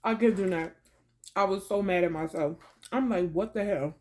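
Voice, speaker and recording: A woman's voice: medium pitch, moderate pace. A woman vlogger chatting casually to camera, telling a travel story in slangy talk and calling viewers baby and y'all while she eats. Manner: eating while talking.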